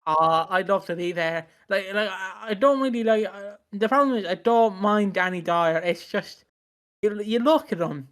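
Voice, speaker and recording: A man's voice: high-pitched, moderate pace, fairly bright tone. A man co-hosting a podcast in casual chat, rambling and joking with lots of swearing. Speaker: podcast co-host.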